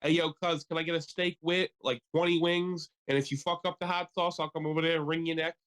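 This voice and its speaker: A man doing a loud, cocky Philly tough guy with a put-on Philadelphia accent, his voice pushed well above its normal pitch. He barks his food order like a threat and sounds ready to pick a fight. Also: flat delivery, fairly quick, smooth, natural voice.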